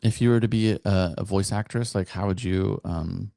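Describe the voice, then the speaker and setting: A deep-voiced man chatting as a podcast guest in a playful, jokey way and laughing easily. His tone is dark and mellow, and the sound is dry and close over a video call. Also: fairly even intonation, normal speed, vocal fry, no room sound. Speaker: podcast guest, soldier and content creator. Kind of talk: casual chat.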